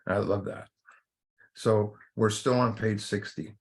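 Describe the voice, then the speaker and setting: A man's voice: on the low side, steady tone, slow pace, creaky. A man leading a recovery workshop, giving an informal spiritual talk in a rambling way, full of fillers and restarts.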